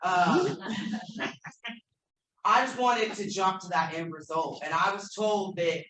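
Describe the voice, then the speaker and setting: Candid woman sharing, bright voice, echoey room. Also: mid-range voice, expressive, takes it slowly. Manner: candid, emotional, swearing, self-deprecating humor. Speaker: workshop speaker. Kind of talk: personal recovery share. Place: convention meeting room. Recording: echoey room, faint noise.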